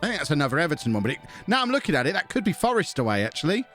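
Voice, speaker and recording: A man on a live stream, talking through a football management game in a loose, chatty way. He thinks out loud, mocks himself and keeps breaking off to thank subscribers. His voice sits a little high, with faint game music underneath. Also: big pitch swings, racing. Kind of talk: casual live-stream commentary.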